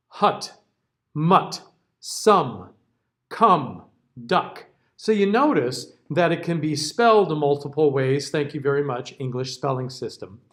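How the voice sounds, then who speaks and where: Male diction teacher, somewhat high voice, relaxed lecture manner, models words aloud. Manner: patient, conversational, models sounds aloud. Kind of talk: classroom lecture.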